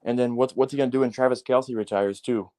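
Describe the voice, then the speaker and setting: A man with a mid-range voice speaks fast in an animated sports rant that is casual yet heated. Profanity comes often, and his sentences are padded with fillers like "like" and "man".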